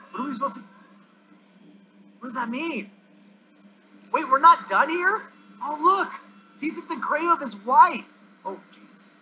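High, bright, excitable young gamer guy. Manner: excitable, yelps and groans at the game. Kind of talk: excitable gameplay commentary. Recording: dull lo-fi recording with faint hiss.

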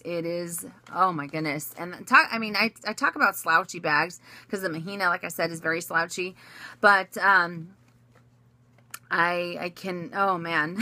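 A woman in her thirties chatting to her viewers, giggling often and rambling through fillers and restarts. Her voice sits on the low side yet sounds very bright and forward. The sound is close and dry. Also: no room sound. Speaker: vlogger answering viewer questions. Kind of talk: casual chat.

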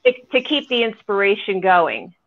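Panel guest: woman, mid-pitched, relaxed chat, muffled lo-fi audio. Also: normal speed. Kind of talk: casual livestream chat.

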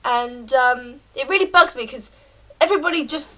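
A woman's voice: high-pitched, moderate pace, fairly bright tone, low-quality recording. A British woman with a cold, ranting in a rambling, chatty vlog full of fillers. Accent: British English. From Britain. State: has a cold. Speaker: vlogger.

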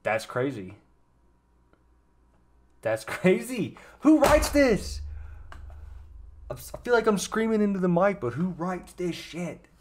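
Emotional, swearing young streamer. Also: male voice, high-pitched, unhurried, long pauses. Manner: excitable, emotional, swears a lot. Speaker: streamer reacting to a musical. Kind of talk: casual live reaction.

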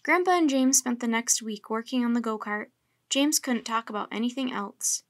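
A woman reading a children's book aloud in a steady, clear storytelling manner. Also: fairly high pitch, moderate pace.

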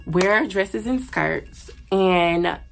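A young woman talks straight to the camera in a casual vlog, blunt and sassy, full of slang and repeating her points for emphasis. Her voice sits in a middle pitch for a woman, and faint music plays underneath. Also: very slow, gravelly. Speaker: beauty and advice vlogger.

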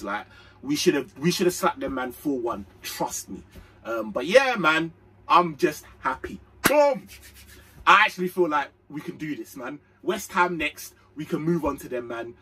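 A man's voice: fairly high pitch, husky, distant mic, low-quality recording. Slangy young man reacting to a match. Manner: slangy, excitable, rambling. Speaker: fan channel host.

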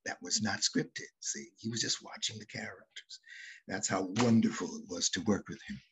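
An older man, an actor, telling stories from his career in an unhurried, reflective way as an interview guest. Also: fairly low pitch, background noise. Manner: unhurried storyteller, drifting between loud and hushed. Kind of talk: reflective anecdotal conversation.

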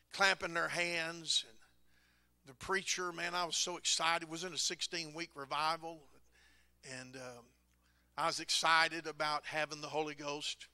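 A man's voice: fairly high pitch, bright, forceful tone, no room sound. A man preaching a testimony, telling folksy stories and laughing at himself. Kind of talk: testimony sermon. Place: church sanctuary.

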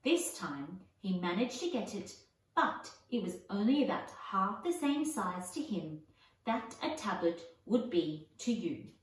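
A woman reading a children's storybook aloud in a gentle, expressive way. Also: mid-range voice, a little slow. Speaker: audiobook reader. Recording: echoey, distant mic.

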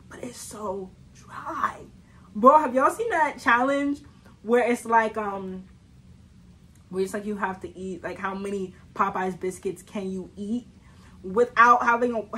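Talking to camera, this young Southern US vlogger tells stories in a chatty way, using many fillers and laughing frequently. She has a slightly bright, medium-pitched voice, captured with poor audio.

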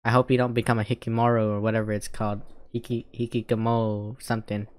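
A woman giving loud, profane, mocking commentary while reacting to a video, often laughing. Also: a bass voice, flat delivery, fast talker, no echo.

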